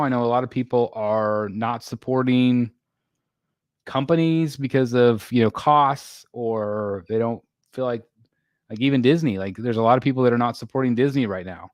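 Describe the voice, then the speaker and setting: A tired middle-aged man hosts a live stream, reading out viewer comments as he rambles. He clears his throat now and then and leans on fillers. His voice sits at an ordinary pitch and sounds dry and close. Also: no echo.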